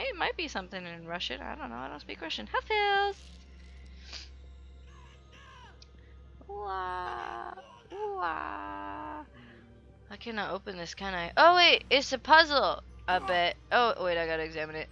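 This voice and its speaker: Excitable young woman playing a game. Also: medium pitch, lo-fi sound. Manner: excitable, chatty, bursts into loud shouts and swearing. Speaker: let's play gamer. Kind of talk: casual gameplay commentary.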